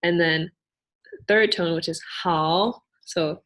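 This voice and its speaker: A young woman answering questions in a casual Q&A, explaining patiently and thoughtfully, often pausing with fillers. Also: lowish voice. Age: young adult. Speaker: student cultural navigator.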